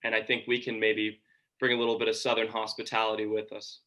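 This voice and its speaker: A man's voice: fairly low pitch, monotone, fast, bright, forceful tone, poor audio. A young man from Georgia, a college sports broadcaster, answering interview questions thoughtfully with frequent ums. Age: young adult. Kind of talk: casual interview.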